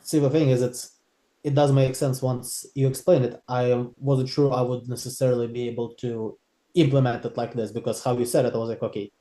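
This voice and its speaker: A hesitant male sales trainee who thinks out loud in a mellow, medium-pitched voice. He sounds like he is in an echoey room, a little distant from a dry, clean sound. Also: little pitch movement, brisk.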